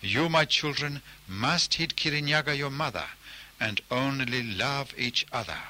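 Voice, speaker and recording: A man's voice: mid-range voice, animated, a little slow, sharp tone. A man voicing a stern, fatherly mountain god in a storybook tale, speaking solemnly and with command.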